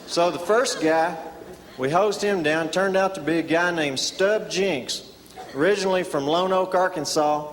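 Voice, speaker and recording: A man telling a folksy tall tale as stand-up comedy, deadpan, with many drawn-out "uh"s. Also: fairly high pitch. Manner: deadpan folksy storyteller with filler "uh"s. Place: live comedy stage before an audience. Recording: reverberant live hall, audience laughter.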